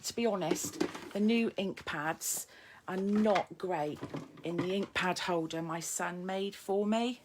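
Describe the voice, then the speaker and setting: A woman's voice: fairly low pitch, takes it slowly, noisy background. A middle-aged woman running a live card-making demo, chatting and poking fun at herself while she greets viewers and works at her desk. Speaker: papercraft demonstrator.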